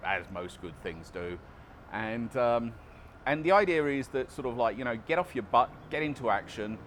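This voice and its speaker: A man's voice: on the low side, a little hiss or hum. A man vlogging casually outdoors about recovery, chatty and self-deprecating, often restarting his sentences. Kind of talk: casual vlog monologue.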